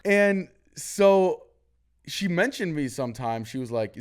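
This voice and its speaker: A man hosting a casual podcast conversation, candid and storytelling, lively when he quotes others. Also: mid-range voice, normal speed.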